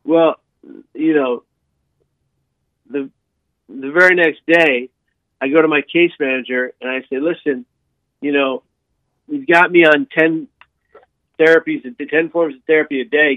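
A man recounts his story for an interviewer, animated and full of restarts and repeated words. His voice sits a little high. The sound is dry and thin, like a phone line. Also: normal speed, pauses often, no echo. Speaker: guest sharing his life story.

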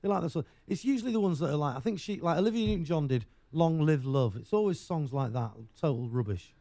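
A man's voice: on the high side, lively intonation, quick pace, mellow, no room sound. An English man hosting a radio show, chatting casually with rambling, jokey banter.

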